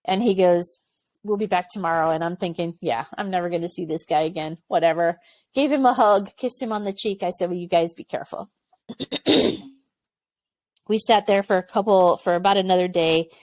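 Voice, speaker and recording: A woman in her forties, a former Army aviation medic, appears as a podcast guest in a casual interview. She tells stories candidly and with energy, acting out others' lines and laughing. Her voice is lowish at a moderate pace, with no room sound.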